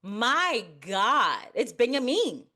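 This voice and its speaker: A woman's voice: on the high side, sing-song, slow pace, sharp tone. Bold joking woman podcast co-host. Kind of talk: casual podcast debate.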